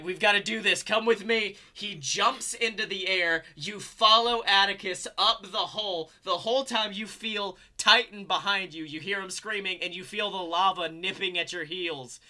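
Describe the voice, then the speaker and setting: A young man spinning an animated, rambling story in casual chat. His voice sits a bit high and is very bright and forceful, and he fills his sentences with fillers.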